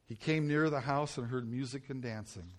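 The pastor, a middle-aged man, speaks at medium pitch and normal speed. His sermon is storytelling about himself, full of self-mockery and acted-out yelling.

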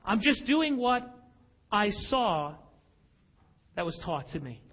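Male pastor, very high voice, emphatic confessional preaching, echoing hall. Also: very animated, slow pace, highs cut off. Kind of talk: sermon.

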